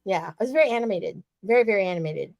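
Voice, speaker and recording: A woman's voice: mid-range voice, lively intonation, racing, creaky, a little mellow, dry recording, muffled recording. A woman from the US West Coast co-hosting a casual wrestling podcast, emphatic, profane and fired-up. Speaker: podcast co-host.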